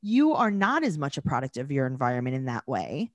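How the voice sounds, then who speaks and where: A woman's voice: fairly quick, no echo, muffled recording. A woman co-hosting a casual chat, recapping scenes and acting out quotes in mimicking voices. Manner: animated, acts out quotes in high mimicking voices. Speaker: podcast co-host recapping a reality show.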